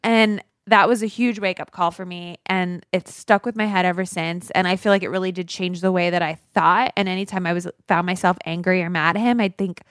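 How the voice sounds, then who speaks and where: A woman in her thirties co-hosting a podcast, giving frank advice in casual, animated chat and swearing freely. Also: lowish voice, a little fast, hardly any pauses, no room sound, studio quality. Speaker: podcast co-host.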